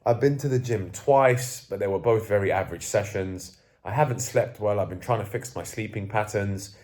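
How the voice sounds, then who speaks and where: A young self-improvement coach films a candid vlog sitting indoors at home, the camera facing him. His voice is fairly low, expressive and a little mellow at a normal pace, and he's groggy, sneezing and coughing while he rambles, swears freely and runs himself down.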